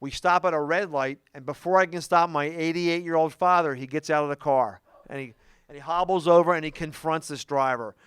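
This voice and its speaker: High, bright-voiced male stand-up comic. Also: smooth, no echo. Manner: animated storytelling with quick asides. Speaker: stand-up comedian. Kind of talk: stand-up comedy routine. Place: comedy club stage.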